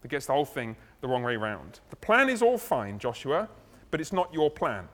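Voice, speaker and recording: A man preaching a sermon, explaining a passage in a relaxed, conversational way with casual asides. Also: medium pitch, normal speed. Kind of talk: expository sermon. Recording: long hall reverb.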